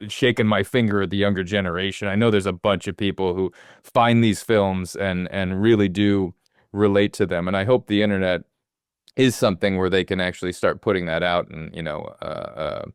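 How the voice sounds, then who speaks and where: A man's voice: low voice, normal speed, clean tone, no echo, clean studio sound. A man in his forties co-hosting a film podcast, talking casually and rambling with lots of fillers and restarts. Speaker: podcast co-host.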